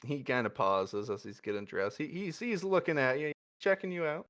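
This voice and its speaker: A man narrating a tabletop role-playing game as game master, in a relaxed, halting way. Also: on the high side. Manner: relaxed, halting, full of restarts.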